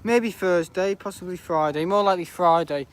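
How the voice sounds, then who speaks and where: A man's voice: high-pitched, moderate pace, smooth. A teenage boy livestreaming outdoors at an airport viewing park, chatting casually about the planes, rambling and laughing often. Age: teens. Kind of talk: casual live commentary.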